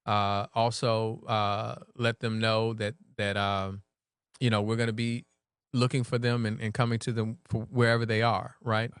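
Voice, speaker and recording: A man serving as mayor, talking relaxed in an interview and often checking in with "right?". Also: on the low side, moderate pace, clear, resonant tone, no echo, clean studio sound. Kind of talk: conversational interview.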